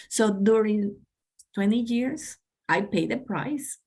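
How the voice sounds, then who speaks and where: A woman's voice: a little high, unhurried, a little mellow, slightly rough, rough recording. Enthusiastic Mexican woman teaching pronunciation. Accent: Mexican Spanish. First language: Spanish. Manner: enthusiastic, coaxing, addresses audience as guys. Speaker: pronunciation trainer. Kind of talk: online teacher workshop.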